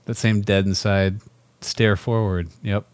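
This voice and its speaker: Low, deadpan man in dry podcast chat. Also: unhurried, no echo. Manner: dry, matter-of-fact, deadpan remarks. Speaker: podcast co-host.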